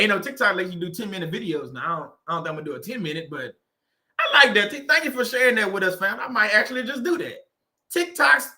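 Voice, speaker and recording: A man's voice: high voice, bright, forceful tone. A man hosting a faith-based livestream, chatting casually with viewers and laughing and joking often.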